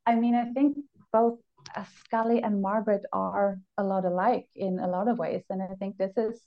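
A woman co-hosts a casual chat and thinks out loud in a reflective, analytical way. She pauses and restarts as she works through her points. Her voice comes through a dull, lo-fi recording. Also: mid-range voice, fairly even intonation. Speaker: podcast co-host.

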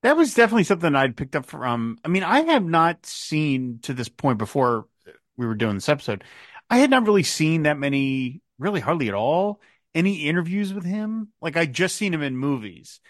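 Man, podcast host, rambling questions, a bit high-pitched, dry close sound. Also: very animated, fairly quick, no room sound. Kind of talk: casual podcast chat.

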